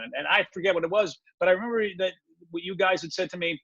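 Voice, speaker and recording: Bright, husky man telling a story. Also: high-pitched, fast, dry recording, dull audio. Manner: animated, acts out his own past lines. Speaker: guest. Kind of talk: casual storytelling interview.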